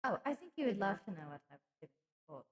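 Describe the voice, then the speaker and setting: A woman's voice: mid-range voice, sing-song, very fast. A woman streamer chatting in character with viewers at her debut, theatrical and affectionate, calling them darling. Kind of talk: in-character livestream debut chat.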